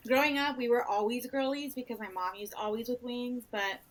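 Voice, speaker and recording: A woman in her thirties co-hosting a podcast, talking frankly and swearing casually in a relaxed chat. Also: fairly high pitch, brisk, rough recording. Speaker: podcast co-host.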